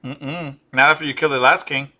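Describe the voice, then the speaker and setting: A man chatting on a podcast in an animated, excitable way. His voice is very bright and forceful, and it pushes up when he gets worked up about an idea. He sounds like a fan spinning theories with his friends. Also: mid-range voice, moderate pace. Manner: animated, excitable, riffs on ideas and laughs. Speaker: podcast co-host. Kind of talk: casual pop-culture chat.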